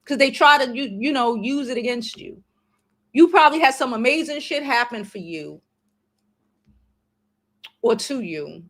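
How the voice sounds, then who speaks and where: Woman in her 40s on a livestream, blunt slangy advice, cusses, kinda high voice. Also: animated, a little slow, pauses often, a bit bright. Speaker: livestream host. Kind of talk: casual advice chat with viewers.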